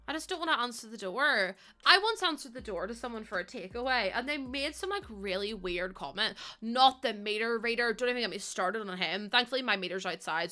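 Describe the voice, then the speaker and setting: Young female streamer, very bright, slightly high voice, chatty and self-mocking, music behind. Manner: chatty, giggly, self-mocking, sings snatches of songs. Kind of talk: casual chat with stream chat.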